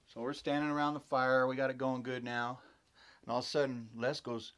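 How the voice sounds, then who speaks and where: Man, mid-pitch, loose and rambling first-person storyteller, animated delivery. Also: brisk, smooth. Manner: rambling and animated, acts out others' exclamations. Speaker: storyteller recounting his own encounter. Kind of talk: casual spoken storytelling.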